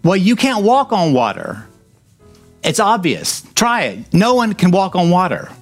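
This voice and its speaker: A man's voice: sits high, wildly swooping pitch, a little slow, soft background music. A man preaching a sermon, reading scripture and breaking into joking asides, hammering points with repetition.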